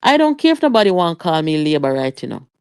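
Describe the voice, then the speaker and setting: A woman's voice: low voice, sing-song, quick pace, a little mellow, clear, resonant tone, dry recording, studio quality. A Jamaican woman hosting a live political commentary stream, chatty and emphatic, with rhetorical questions and patois asides.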